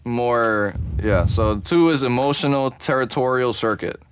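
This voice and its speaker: A man co-hosting a podcast while high, rambling casually and swearing as he loses his train of thought. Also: measured pace, a little hiss or hum. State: high on cannabis. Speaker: podcast co-host. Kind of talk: casual chat.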